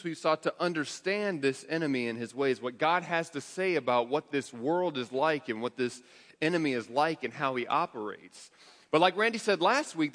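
Earnest guy preaching a sermon, bit high-pitched, stumbles and restarts, long church-hall echo. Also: fairly bright tone. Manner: earnest, rapid with frequent restarts.

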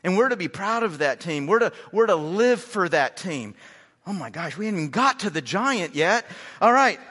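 In a church sanctuary, a pastor preaches a sermon with a high, bright, forceful voice that rings through the hall's long reverb, with big swings in pitch. He leans hard on his points and slows down to stress them, often stumbling, repeating words and restarting.

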